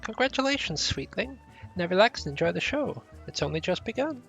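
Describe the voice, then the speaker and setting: A man's voice: high-pitched, sing-song, fairly quick, creaky, a bit bright, faint music behind, voice pushed up, full character voice. A man voicing a doting woman in a game scene with a raised, coaxing tone.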